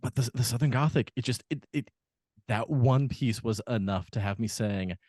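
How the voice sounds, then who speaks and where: A podcast co-host discusses a film in casual, rambling chat, full of fillers and restarts. His voice is medium-pitched and slightly mellow, at a moderate pace, recorded with clean studio sound and no echo.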